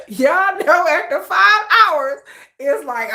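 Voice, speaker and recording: Female livestream host, casual chat, laughs a lot, teasing, bright tone. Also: high-pitched, expressive, extremely slow, gravelly, pauses often. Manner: giggly, teasing, laughs often.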